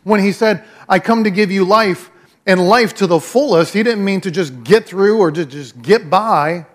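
High-voiced pastor preaching with emphasis. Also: male voice, moderate pace. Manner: repeats key phrases, conversational, emphatic. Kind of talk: sermon.

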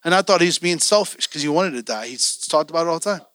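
A male preacher delivers an impassioned sermon in a church, urging his congregation on. His voice is high and bright, with a forceful edge. The sound is dry and close. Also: lively intonation, quick pace, no room sound.

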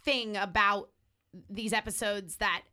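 A woman co-hosting a casual podcast chat, animated and candid, agreeing a lot as she talks. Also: mid-range voice, measured pace. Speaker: podcast co-host.

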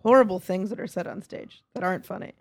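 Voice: mid-range voice, fast talker. A podcast co-host chatting casually, asking easygoing questions and affirming the others.

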